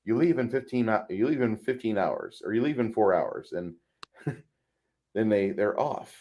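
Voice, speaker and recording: A man's voice: on the low side, lively intonation, moderate pace, dark tone. A man co-hosting a casual movie podcast, rambling with frequent restarts and putting on voices for quotes. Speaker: podcast co-host; truck driver.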